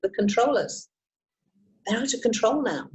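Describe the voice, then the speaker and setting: Lively woman teaching calming techniques. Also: fairly high pitch, moderate pace, poor audio. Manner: lively, expressive, encouraging, with frequent asides. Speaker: hypnotist and emotional intelligence trainer. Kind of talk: teaching self-help techniques in an online session.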